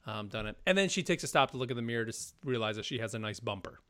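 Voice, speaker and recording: A man's voice: medium pitch, expressive, very fast, sharp tone. Chatty man recapping a show. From United States. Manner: rambling, laughs often, retells scenes. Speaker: podcast co-host. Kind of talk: casual chat recapping a TV episode.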